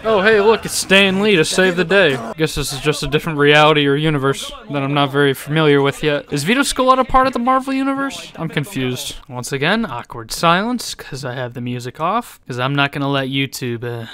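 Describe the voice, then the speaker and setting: A man's voice: on the high side, lively intonation, a little fast, few pauses, sharp tone. A young man casually commenting over his gameplay, making sarcastic jokes and laughing often. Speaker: gaming YouTuber.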